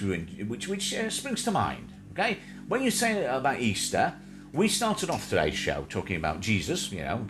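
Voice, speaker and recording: A man co-hosting a live stream in casual chat, rambling and joking as he talks to viewers and his pets. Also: medium pitch. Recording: noisy home stream audio.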